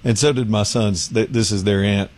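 A man's voice: lowish voice, steady tone, normal speed, darkish tone. A man hosting a radio talk show, telling stories in casual chat, often acting out voices and laughing.

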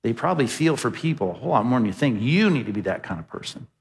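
A man preaching a sermon from the pulpit, talking to the congregation in a casual, conversational way. He throws out rhetorical questions and leans hard into the lines he quotes. His mid-pitched voice rings with the long reverb of a large church hall. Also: big pitch swings, quick pace, vocal fry, a little hiss or hum. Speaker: pastor.

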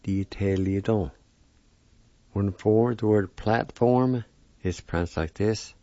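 A man teaching a language lesson on the radio, spelling each word letter by letter and repeating its pronunciation slowly. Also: on the low side, mellow, no room sound, muffled recording. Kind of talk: spelling out and pronouncing vocabulary.

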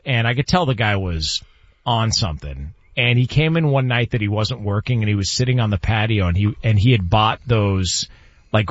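A man hosts a sports talk show, riffing in an animated, rambling way and joking with his co-hosts. He is recorded close on a studio mic. The sound is dry and a bit dull. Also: medium pitch, no echo. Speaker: sports talk radio host. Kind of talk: casual sports radio chat.

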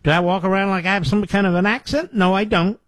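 A man's voice: high-pitched, quick pace, fairly bright tone, no room sound. A man in his sixties from the Philadelphia area hosting a political talk radio show, mocking and sarcastic, with asides to his producer. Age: 60s.

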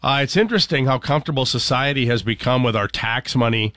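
A man's voice: mid-range voice, fast talker, pushed and bright. Rambling male radio morning host. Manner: rambling, many fillers and restarts. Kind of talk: casual radio chat. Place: radio studio.

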